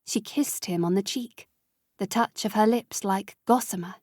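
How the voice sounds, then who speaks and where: A woman reading an audiobook as narrator, in measured, even storytelling. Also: mid-range voice, no room sound, studio quality. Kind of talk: scripted narration.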